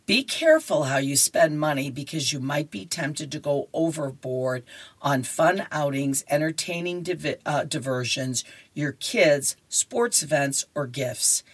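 A woman's voice: low voice, a bit bright. A woman reading horoscopes and comic strips for a radio reading service, chatty with giggles and restarts.

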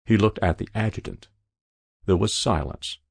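A man narrating an audiobook in a measured, even storytelling way. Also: lowish voice, creaky, slightly rough, no echo, clean studio sound.

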